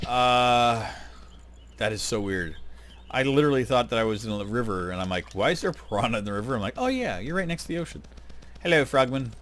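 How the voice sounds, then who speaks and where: A man's voice: mid-range voice, a bit bright, slight background noise. A man hosting his gaming channel, talking casually and rambling with lots of fillers while he plays. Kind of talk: casual gameplay commentary.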